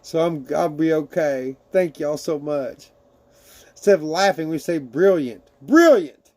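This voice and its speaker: A man's voice: on the high side, measured pace, dark tone. A man casually chatting with his livestream viewers and reading their messages aloud, laughing often and swearing freely.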